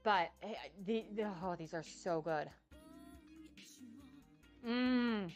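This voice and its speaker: Her voice is medium in pitch and slow-paced, with faint music in the background. A young adult cooking streamer, she chats casually through a cook-along livestream and gets gushy and effusive tasting her dish.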